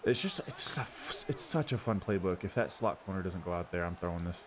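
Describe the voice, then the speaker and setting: A man hosting his gaming channel, giving casual running commentary on his own football video game and cheering loudly at big plays. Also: low voice, expressive, a little fast, crowd noise. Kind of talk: live gameplay commentary. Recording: audible background noise.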